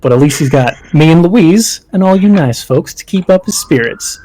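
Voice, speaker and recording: Man putting on a tour-bus guide, folksy, upbeat, raised cheery pitch, lively. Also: normal speed, faint music behind, lightly acted, poor audio. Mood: chirpy. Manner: folksy drawl, upbeat salesman patter.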